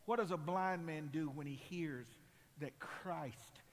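A man preaching a sermon, impassioned and building to loud cries. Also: a little high, takes it slowly. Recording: long hall reverb.

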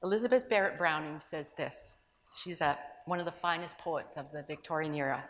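Her voice is deep and brisk, and it rings with the sound of a big room where an audience has gathered. She recounts something personal in a loose, sermon-like way, with asides and restarts along the way.

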